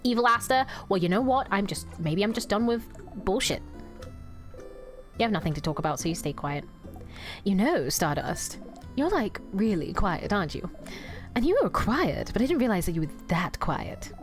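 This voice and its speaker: A woman's voice: mid-range voice, sing-song, normal speed, soft background music. A woman streaming a video game, reading its dialogue aloud and swearing at the screen. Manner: profane, loud outbursts at the screen. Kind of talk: casual game stream commentary.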